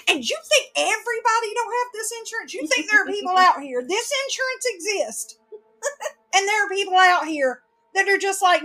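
A woman hosting a casual chat, telling an animated story and laughing through it. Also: very high-pitched, normal speed.

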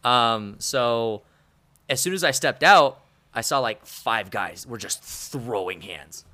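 A man's voice: mid-range voice, expressive, slow pace, bright, forceful tone. A man, a military guest on a casual podcast, telling a bar story with sheepish asides and swearing. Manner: sheepish, profane, laughing asides. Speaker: serving military member.

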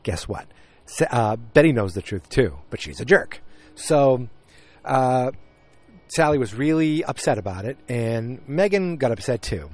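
A man's voice: medium pitch, big pitch swings, measured pace, a little mellow. Man, casual recap, blunt and chatty, many restarts, outdoors by the woods, handheld recorder. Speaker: podcast host recapping a TV episode. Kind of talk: casual chat. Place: outdoors beside woods near his house.

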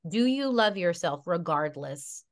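A woman's voice: lowish voice, lively intonation, unhurried. A woman guest in a casual podcast conversation, telling a heartfelt story with lots of fillers and restarts. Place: Connecticut.

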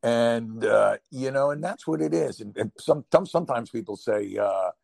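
Gravelly brooklyn guy rambling on a podcast, husky, dry close sound. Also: mid-range voice, moderate pace, dry recording. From New York. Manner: animated, rambling, laughs often, voice jumps up when excited. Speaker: podcast co-host. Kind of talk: casual podcast chat.

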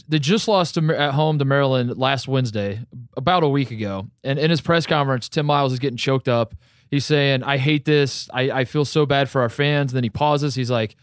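A man's voice: medium pitch, clear, resonant tone, dry recording, clean studio sound. A man co-hosting a sports podcast, telling a story earnestly in casual chat. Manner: earnest, storytelling, some restarts. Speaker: podcast co-host.

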